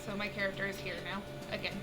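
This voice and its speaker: A woman's voice: mid-range voice, flat delivery, fast talker, sharp tone, soft background music, low-quality recording. A woman playing a tabletop game, chatty and playful as she describes her character's moves. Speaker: player. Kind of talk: casual tabletop game play.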